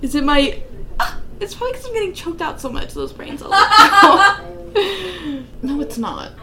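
A young woman co-hosting a casual podcast who laughs loudly and often and swears freely while chatting about a movie. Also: very high voice, lively intonation. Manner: loud, giggly, swearing, quick bursts of laughter. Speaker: podcast co-host. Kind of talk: casual chat watching a movie. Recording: echoey room with faint hiss.

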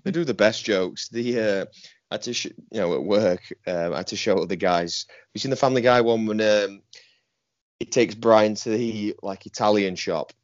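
A low-voiced man co-hosts a podcast and teaches martial arts. He talks bluntly, swears and laughs often. The sound is dry and dull, like a lo-fi recording. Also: normal speed, no echo. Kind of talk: casual chat.

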